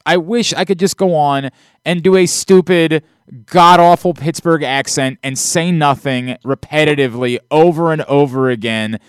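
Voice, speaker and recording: Smooth-voiced exasperated male podcast host. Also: a little high, no room sound, clean studio sound. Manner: rambling, exasperated, restarts often. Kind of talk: casual chat.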